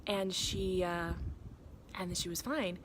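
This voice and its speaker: A woman's voice: on the low side, takes it slowly, background noise. A woman in her thirties telling a candid, rambling story to her viewers, swearing freely and breaking off to talk to her kids. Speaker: vlogger and mother. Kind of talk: casual confessional vlog. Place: vacation cabin in the mountains.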